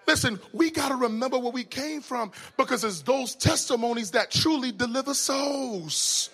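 A man preaching a sermon in an animated way, telling funny stories and swinging between loud exclamations and hushed asides. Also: very high voice, moderate pace, few pauses, slightly rough. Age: adult with children. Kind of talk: sermon with humorous storytelling.

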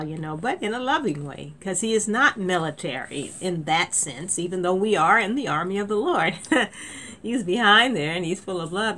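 A woman's voice: fairly low pitch, a bit bright, slight background noise. A woman preaching an informal sermon, conversational and emphatic, with frequent laughs and restarts.

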